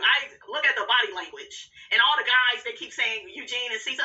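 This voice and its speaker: A woman commenting on a reality show in a sassy, animated gossip style, laughing often and calling listeners "honey.". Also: fairly high pitch, a little fast, hardly any pauses, far from the mic, muffled recording.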